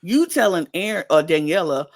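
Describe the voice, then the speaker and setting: Animated woman recapping reality TV. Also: lowish voice, a little fast. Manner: animated, acts out quotes in raised voices. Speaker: podcast co-host. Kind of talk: casual reality TV recap chat.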